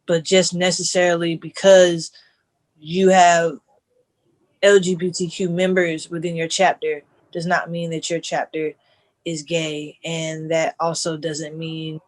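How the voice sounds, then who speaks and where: A man speaking as a panelist in a discussion, earnest and halting, with many restarts. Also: fairly high pitch, flat delivery.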